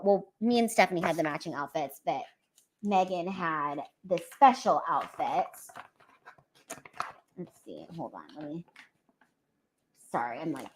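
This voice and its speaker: A young woman chatting casually on a livestream, tearful and emotional, rambling and swearing freely. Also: fairly low pitch. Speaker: comedian livestreaming to fans.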